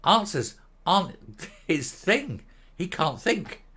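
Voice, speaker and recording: A man's voice: high-pitched, sing-song, slow pace, bright, forceful tone, slightly rough. A middle-aged man hosting a political commentary show, ranting in a sarcastic, mocking, scornful way.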